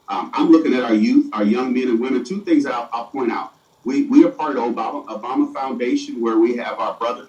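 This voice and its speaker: A man's voice: medium pitch, darkish tone, muffled recording. A middle-aged man, a city mayor, answering interview questions earnestly and often stumbling over and repeating his words, recorded far from the mic in an echoey room.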